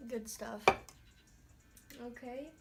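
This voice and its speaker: A woman's voice: fairly high pitch, fairly even intonation, drawn-out words, creaky, over loud music. A young woman vlogging a makeup tutorial in casual self-talk, with a light put-on country accent. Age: young adult. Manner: chatty, self-talking, with mild exclamations. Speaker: beauty vlogger. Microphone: phone camera.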